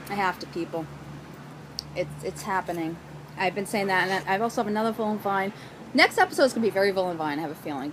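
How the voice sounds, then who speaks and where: A woman's voice: mid-range voice, slight background noise, low-quality recording. A young woman hosting a knitting podcast outdoors, chatting casually and gushing about her latest purchases. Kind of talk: casual chat.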